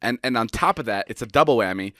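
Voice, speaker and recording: A man's voice: medium pitch, expressive, fast talker, pushed and bright, no room sound, studio quality. A young man in his twenties co-hosting a podcast, rambling through stories with frequent laughs and casual swearing. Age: 20s. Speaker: podcast co-host. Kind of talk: casual chat.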